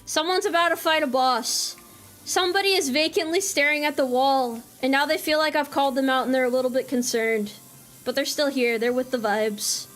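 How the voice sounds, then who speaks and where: A woman's voice: high-pitched, fairly even intonation, a little fast, fairly bright tone, faint music behind. A woman streamer giving casual gameplay commentary, playful and teasing.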